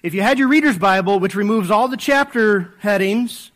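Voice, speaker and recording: A man with a high voice delivers a sermon in a relaxed, conversational manner. He speaks with many fillers and restarts, like a pastor thinking aloud before his congregation. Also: moderate pace. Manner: conversational preaching with frequent fillers, dropping to a soft hush in prayer.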